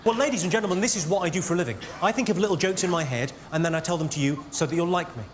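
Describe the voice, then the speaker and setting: A man doing stand-up comedy, trading quick, cutting put-downs with people in the audience at a live show. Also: high-pitched, noisy background. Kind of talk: stand-up crowd work. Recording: live show recording with loud crowd. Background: loud audience laughter.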